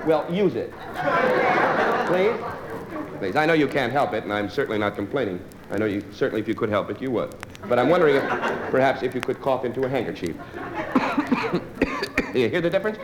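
A man's voice: medium pitch, very animated, fast talker, a loud crowd. A man doing a live stand-up routine, dry and digressive, bantering with the audience. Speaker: stand-up comedian. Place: live club before an audience. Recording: noisy live recording.

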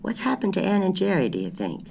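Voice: medium pitch, huge pitch swings, fast talker, gravelly, darkish tone, a little hiss or hum, pitched above the performer's own voice, full character voice. A reader voicing a cross older husband who grumbles in short complaints, in a storybook reading.

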